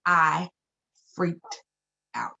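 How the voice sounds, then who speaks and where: A woman's voice: fairly low pitch, extremely slow, creaky, pushed and bright, breathy edge. Earnest woman telling a personal story. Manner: earnest storytelling with repeated phrases. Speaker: keynote speaker. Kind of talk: personal story in a keynote talk. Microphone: video call. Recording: muffled lo-fi audio.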